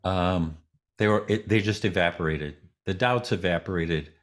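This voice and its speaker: A man with a low voice and a moderate pace tells a story as an interview guest. He stays relaxed and voices each person in the tale himself.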